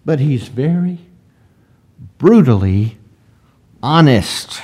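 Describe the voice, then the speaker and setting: Slow, animated male preacher. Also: medium pitch, husky. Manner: slow, deliberate preaching with rhetorical questions and swells of emphasis; reads scripture in old-fashioned wording. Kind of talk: sermon.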